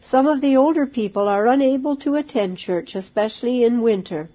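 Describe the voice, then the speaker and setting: A woman voicing a kind young aunt who explains things softly and patiently. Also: a little high, lively intonation, a little fast. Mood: explaining. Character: kind young aunt, soft-spoken and caring. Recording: dull lo-fi recording.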